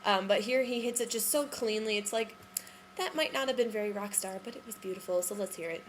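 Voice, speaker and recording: A woman's voice: mid-range voice, a little fast, a little hiss or hum. Chatty woman musing over recordings. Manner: chatty and musing, with frequent ums and self-corrections; unsure, hedging her opinions. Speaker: vlogger reviewing musical theatre recordings. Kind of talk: casual commentary.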